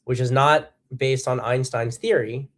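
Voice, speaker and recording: A man's voice: mid-range voice, steady tone, measured pace. A man giving solo political commentary as host, blunt and profane, with emphatic bursts. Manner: acts out quotes in a harsh voice.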